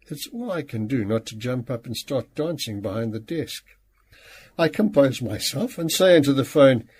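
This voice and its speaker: A man narrating a novel in the first person, animated and playful. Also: mid-range voice, normal speed, breathy edge. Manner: animated, acts out quoted speech. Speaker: audiobook narrator.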